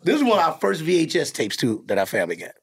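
A middle-aged man hosting a podcast in casual chat, telling animated, profane stories and laughing often. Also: fairly high pitch, rapid-fire, creaky, slightly rough, dry recording, clean studio sound. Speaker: podcast host.

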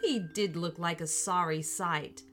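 A woman reading a children's story aloud in a gentle, expressive way, with faint music behind her. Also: fairly low pitch, a little slow. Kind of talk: scripted children's story narration.

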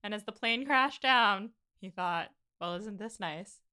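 A woman co-hosting a casual book discussion, retelling scenes in a chatty, animated way. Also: medium pitch, measured pace, clear, resonant tone. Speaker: podcast co-host.

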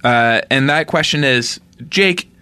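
Man, podcast host, bright forward voice, low-key delivery, dry close sound. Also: takes it slowly, clear, resonant tone, no room sound. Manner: reads listener questions, low-key backing interjections. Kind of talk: casual comedy podcast chat.

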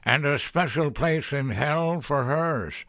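Male narrator voicing an inhuman male demon, cold and judgmental, slow, for an audio horror story. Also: fairly high pitch, a bit bright, dry recording, clean studio sound, pitched above the performer's own voice. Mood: ominous. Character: menacing inhuman male soul-dealing demon.

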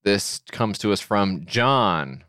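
A man's voice: fairly low pitch, lively intonation, slow, sharp tone, dry recording, studio quality. A man co-hosting a casual podcast, joking sarcastically and swearing freely as he reads out listener emails. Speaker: podcast co-host.

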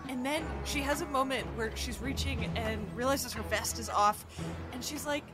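A woman playing a tabletop game, giggly and animated as she describes her character's actions. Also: high-pitched, moderate pace, over loud music. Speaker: player. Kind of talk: tabletop game role-play.

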